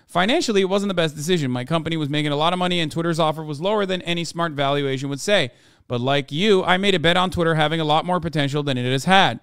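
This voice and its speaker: A man voicing an earnest Icelandic man reading his own letter, in a put-on Nordic accent with a measured, plain delivery. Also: fairly high pitch, fairly bright tone, clean tone, no room sound, studio quality, close to an everyday voice.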